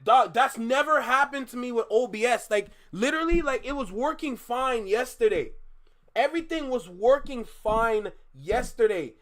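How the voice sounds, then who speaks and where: A man's voice: very high-pitched, expressive, normal speed, fairly bright tone. A man hosting a live stream, ranting in exasperation at his viewers, repeating himself with bursts of laughter. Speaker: live-stream reaction host. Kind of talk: casual live-stream rant.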